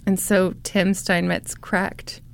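A woman's voice: fairly low pitch, little pitch movement, slow pace, gravelly, smooth. A woman co-hosting a podcast, telling a true-crime story casually with sarcastic, laughing asides and swearing.

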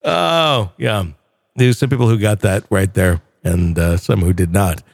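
A man co-hosting a casual chat show, telling stories in an animated way and breaking into impressions and swearing. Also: on the low side, unhurried, creaky, no room sound, clean studio sound. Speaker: podcast co-host.

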